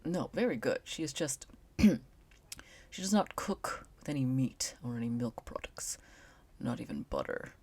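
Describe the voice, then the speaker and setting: A woman voicing a quiet, earnest young male roommate with an Indian accent, speaking slowly and softly. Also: extremely low pitch, lively intonation, slightly rough, full character voice. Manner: slow, soft, near-whispered.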